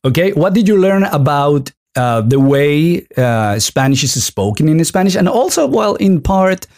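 A former radio DJ hosts a relaxed interview with a playful touch. The voice sits mid-pitch but moves a lot, rising and falling as the questions come. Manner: playful, quick to laugh. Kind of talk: casual conversational interview.

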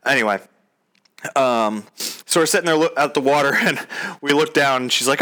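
A young man tells a long personal story in a loose, casual way, swearing as he goes and voicing both sides of a conversation himself. His voice is bright and forward, with a crisp, clean tone. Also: medium pitch, fairly quick. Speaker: storyteller recounting his proposal.

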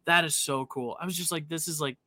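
Fast-talking enthusiastic man co-host. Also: a little high, fairly even intonation, sharp tone. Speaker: podcast co-host. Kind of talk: casual chat.

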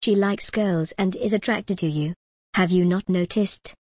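Calm formal jinn spirit in a storybook, as a woman reads it, steady and dry. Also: medium pitch, measured pace, no room sound, lightly acted. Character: calm commanding jinn spirit, sometimes in male form.

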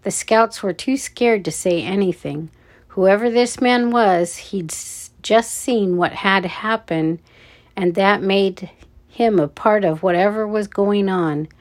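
Slow-reading woman storyteller. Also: mid-range voice. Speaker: narrator. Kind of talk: children's story read aloud.

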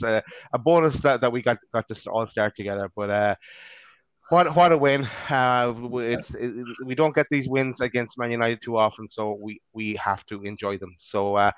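A man chatting on a fan podcast, with a smooth, resonant voice at a middling pitch. He rambles through plugs and restarts his sentences often. The sound is dry and dull, like lo-fi call audio. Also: dry recording. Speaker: podcast co-host. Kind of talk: casual fan-show chat.

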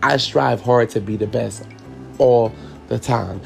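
Tearful man with a gravelly voice. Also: medium pitch, slow, faint music behind. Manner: candid, profane, repeats himself, addresses listeners as y'all. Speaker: podcast host. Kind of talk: emotional personal storytelling.

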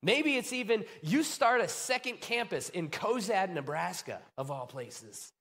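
Male pastor, sermon, high-pitched, hushed then fired up. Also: measured pace. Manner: animated, swings from hushed to excited.

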